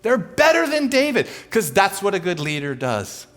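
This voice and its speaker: A man preaching a sermon as a guest speaker, telling a story in a conversational, humorous way and acting out characters in quick asides. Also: sits high, wildly swooping pitch, fairly bright tone.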